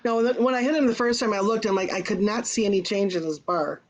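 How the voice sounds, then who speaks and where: A woman's voice: mid-range voice, fast, lo-fi sound. A woman playing a tabletop game, arguing rules points casually. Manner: argues rules points with animated emphasis. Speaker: player.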